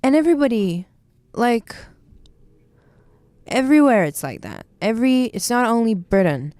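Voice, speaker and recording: A young woman in her twenties from Bulgaria, speaking English in a casual podcast chat, animated and opinionated. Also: a little high, dry recording. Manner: animated, opinionated, quick asides. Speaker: podcast co-host, university student.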